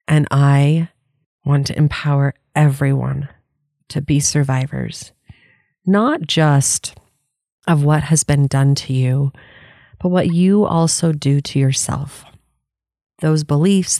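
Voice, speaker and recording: A woman's voice: sits low, mellow, no echo, studio quality. A woman life coach giving an earnest, candid motivational talk, laughing often and swearing casually.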